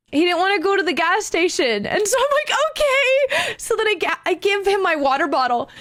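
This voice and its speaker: A woman telling a story with animated excitement, acting out each voice in it and laughing often. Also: very high voice, no room sound, clean studio sound. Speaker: streamer.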